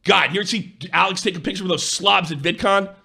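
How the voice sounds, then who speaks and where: An angry man in a profane, accusing rant, sometimes shouting. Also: sits high, fast talker, creaky, breathy edge. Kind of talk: heated rant.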